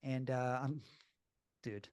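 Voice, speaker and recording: Slowly and in a mid-range voice, a man recounts something that happened to him, plainspoken and animated, cursing freely as he goes. He sounds upset and shaky at the memory. Heavy background noise runs beneath him.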